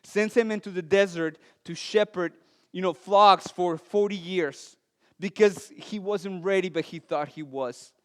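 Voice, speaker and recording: A male pastor with a non-native, Latin American accent, preaching a sermon with earnest storytelling and light self-deprecating humor, his voice dropping soft and low on weighty lines. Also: measured pace, smooth. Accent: non-native English, Latin American. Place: church sanctuary. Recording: long church hall reverb.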